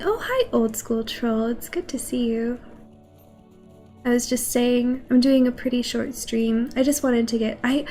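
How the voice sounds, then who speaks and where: Hoarse-voiced woman chatting on stream. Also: on the high side, darkish tone. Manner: chatty, rambling, greets chat. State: hoarse, scratchy voice from a cold. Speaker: game streamer. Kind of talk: casual chat while gaming.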